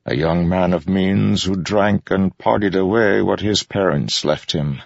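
A man doing a cold enforcer with a deep, gravelly, flat voice. He speaks evenly, with no emotion. It is a storybook reading on a dry, slightly dull recording. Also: measured pace, dry recording, full character voice. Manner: even, flat, without emotion.

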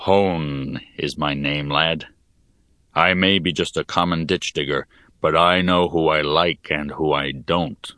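A man voicing a burly middle-aged male laborer who speaks calmly, slowly and plainly. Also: a bass voice, dry recording, studio quality, full character voice. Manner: calm, slow and plain-spoken. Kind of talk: audiobook character voice.

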